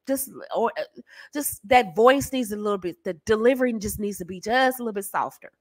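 A woman's voice: medium pitch, brisk, no echo. An American woman giving casual, teasing dating advice straight to the camera, often slipping into playful demonstration voices. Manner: animated, teasing, breaks into soft sultry demo voices and laughs. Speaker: dating coach.

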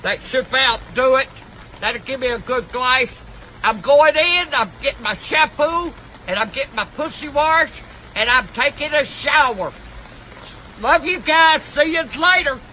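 Cranky older woman, sharp-voiced. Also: high voice, expressive, a little slow, a little hiss or hum, rough recording. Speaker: comedy vlogger doing mock news and weather reports. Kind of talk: profane comic rant to camera. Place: outdoors on a balcony.

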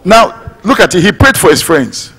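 Husky-voiced pastor preaching, pitch a bit high, long reverb around him. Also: male voice, sing-song, moderate pace, fairly bright tone. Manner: emphatic, rising to declamation then dropping low. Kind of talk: sermon.

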